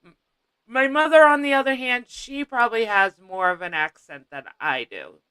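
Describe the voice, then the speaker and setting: A woman's voice: a little high, animated, normal speed, pushed and bright, clean tone, dry recording, rough recording. A woman with a Massachusetts accent hosting a casual live-stream chat, talking loosely, laughing easily and trailing off mid-thought. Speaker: host.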